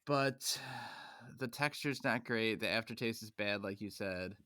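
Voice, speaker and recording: A man's voice: lowish voice, measured pace, pushed and bright, clean tone, no room sound, clean studio sound. A man hosting a podcast, steering a chatty talk through snack reviews. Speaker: podcast host. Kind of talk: casual chat.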